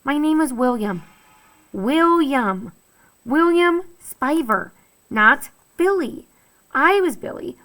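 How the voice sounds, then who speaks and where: An earnest, anxious boy who speaks in stiff, precise sentences, as a woman reading a storybook puts him on. He sounds plaintive and wordy, with a slightly raised pitch. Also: fairly bright tone, low-quality recording.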